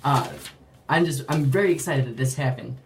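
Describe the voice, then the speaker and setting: With slight noise behind them, a mid-range voice at a moderate pace tells a laid-back testimony of faith. It's a rambling story full of "like," with quotes performed animatedly, picked up from far off the mic in a roomy space.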